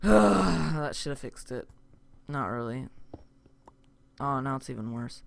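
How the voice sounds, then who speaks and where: A man hosting a gaming channel, rambling through casual let's-play commentary with sudden loud outbursts. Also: mid-range voice, animated, slow pace, vocal fry, slight background noise.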